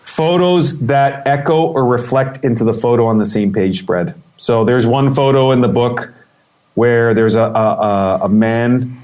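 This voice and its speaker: A man telling a story in an interview as a guest, animated and acting out the voices he quotes, with many restarts. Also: mid-range voice, unhurried. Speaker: guest photographer.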